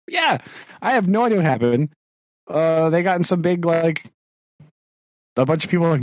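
A teacher who co-hosts a podcast chats casually and rants in exasperation, laughing often and acting out quoted exchanges. His voice is a little high and expressive at normal speed, with long pauses and no echo.

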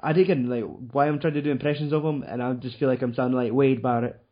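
A man's voice: mid-range voice, steady tone, quick pace. Male podcast host, casual and profane, rambling delivery, dull lo-fi recording. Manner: swears a lot, rambling with fillers. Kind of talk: casual chat.

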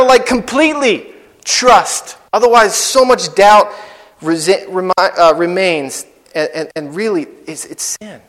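High-voiced chatty male preacher in a hall. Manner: conversational, animated, full of fillers and asides. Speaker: guest preacher. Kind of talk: sermon.

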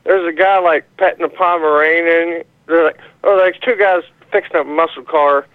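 A man's voice: a little high, fairly even intonation, moderate pace, no echo. A man calling in to a show, rambling and swearing with many fillers over a phone line. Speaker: caller. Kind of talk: call-in rant. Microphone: phone call.

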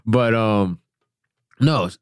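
Give me a very deep-voiced man with a stutter, talking casually. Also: smooth, dry recording, clean studio sound. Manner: stuttering, halting, trails off quietly. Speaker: guest, combat veteran. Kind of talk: casual chat.

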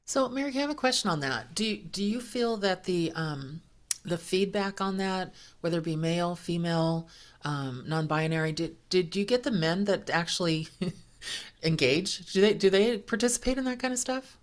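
A woman hosting a podcast, telling workplace anecdotes in a lively, chatty way and acting out the people she quotes. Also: on the low side, moderate pace. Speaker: podcast host. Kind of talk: casual storytelling chat.

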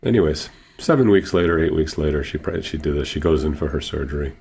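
Deep gravelly male Sufi healer. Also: a little mellow. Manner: slow, earnest, with repeated phrases. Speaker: Sufi healer and teacher, guest. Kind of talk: storytelling in an interview.

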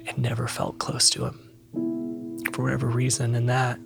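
A man, a podcast guest, giving candid personal testimony in a halting, reflective way with many pauses and ums. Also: mid-range voice, very animated, gravelly, over music.

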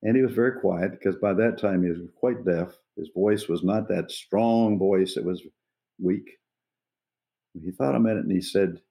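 An older man in his eighties recalls his life as an evangelist in an interview. His voice sits low, with a gravelly, creaky texture and a dark, mellow tone. He speaks earnestly and without hurry, often pausing to find his words. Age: 80s. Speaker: evangelist guest. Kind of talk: reflective personal storytelling.

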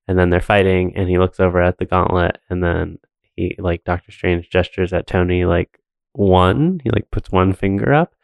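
A man's voice: low-pitched, level tone, a little fast, gravelly, no echo. A man co-hosting a podcast, recapping a film in rambling casual chat full of fillers and laughs. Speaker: podcast co-host.

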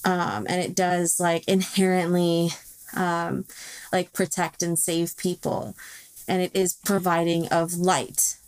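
A woman co-hosting a casual TV recap podcast, talking in an animated, profane, emotional way and acting out quotes. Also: lowish voice, takes it slowly, clear, resonant tone, no echo, rough recording. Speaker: podcast co-host.

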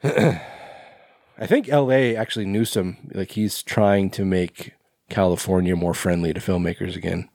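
Low-voiced rambling podcast man. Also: a little slow, gravelly, darkish tone, no echo, studio quality. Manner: rambling, filler-heavy, swears freely. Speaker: podcast co-host. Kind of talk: casual chat.

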